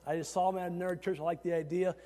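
Man, pastor, lively sermon, high voice, long church reverb. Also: very fast. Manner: animated preaching, rising to shouts; chatty asides with laughter. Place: church sanctuary.

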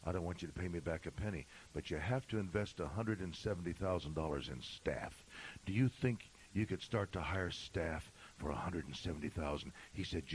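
A middle-aged male pastor telling a story in a sermon, swinging from shouting to a hushed whisper. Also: low voice, brisk, a little hiss or hum, poor audio.

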